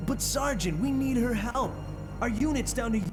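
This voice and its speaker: A man's voice: very high voice, normal speed. An actor voicing an earnest young male mercenary soldier pleading for cooperation, in a video game. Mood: urgent. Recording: game voice with loud music.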